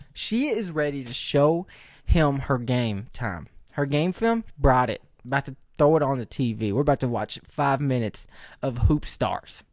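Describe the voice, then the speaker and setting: A man's voice: fairly high pitch, a little mellow, no echo, studio quality. A man hosting his own podcast, telling stories in a rambling, joking way, laughing often and asking rhetorical questions. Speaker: podcast host. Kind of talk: casual solo storytelling.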